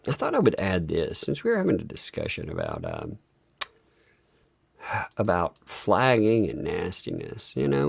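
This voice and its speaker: A woman's voice: rumbling low, vocal fry, breathy edge. A woman hosting a live stream, giving casual, amused and mocking gossip commentary. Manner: amused, mocking, laughing often. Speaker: livestream host.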